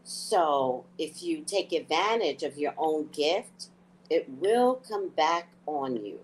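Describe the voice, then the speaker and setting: A woman hosts a casual book discussion in a low, husky voice. She talks candidly and laughs easily as she tells stories. Her tone stays relaxed and conversational. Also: slow, poor audio. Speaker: host.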